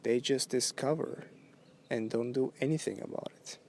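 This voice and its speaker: A man hosting a solo podcast, musing in a rambling, halting way with drawn-out phrasing. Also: mid-range voice, vocal fry, a little mellow, a little hiss or hum. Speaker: podcast host. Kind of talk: solo philosophical monologue.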